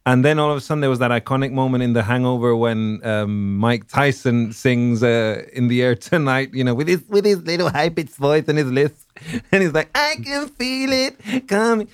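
A man's voice: medium pitch, steady tone, fairly quick, hardly any pauses, clean tone, no room sound, studio quality. A man co-hosting a podcast, chatting casually and rambling with many fillers and restarts. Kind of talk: casual chat.

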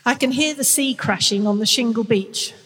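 A guest author in her sixties with a nasal North London accent chats frankly and reads from her memoir, poking fun at herself. Her voice is a little high and a bit bright, her pace moderate, and a long hall reverb colours the recording.

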